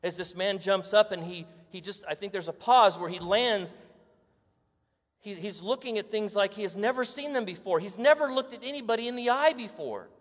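A man's voice: high-pitched, normal speed. A male preacher giving a sermon, telling the story dramatically, acting out the scenes and asking the congregation rhetorical questions. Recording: echoey hall.

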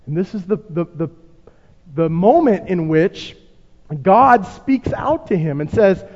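A man preaching with a high, swooping voice, acting out quotes with drama and turning often to rhetorical questions. His voice carries a long hall reverb and sounds slightly muffled. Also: animated, unhurried, darkish tone. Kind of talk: sermon.

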